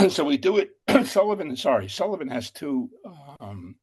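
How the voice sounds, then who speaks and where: A man's voice: a little high, sing-song, normal speed, slightly rough. An older man telling a long anecdote as an interview guest, rambling with fillers and self-corrections.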